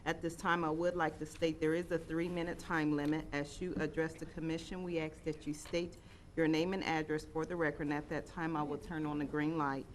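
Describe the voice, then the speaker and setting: A woman serving as city clerk, reading meeting procedure and ordinances in a measured, formal way. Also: low voice, flat delivery, a little hiss or hum. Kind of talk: formal reading of agenda items.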